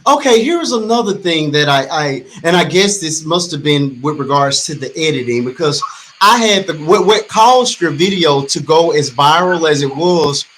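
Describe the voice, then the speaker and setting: A man hosting a livestream interview, gentle and reassuring, often stammering at the start of his sentences. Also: fairly high pitch, lively intonation, normal speed, a little hiss or hum, rough recording. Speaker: interview host.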